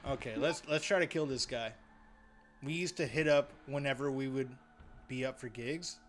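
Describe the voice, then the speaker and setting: A man streaming a horror video game live, chatting casually, getting excitable and swearing often. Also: mid-range voice, normal speed, soft background music. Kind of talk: casual live gameplay commentary.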